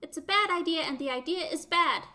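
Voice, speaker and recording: A worn-out little machine creature, as a woman puts it on protests in a high, raised, exasperated voice. Every line sounds emphatic and fed up. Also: unhurried, fairly bright tone, a little hiss or hum. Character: exasperated tired little machine, flying saucer.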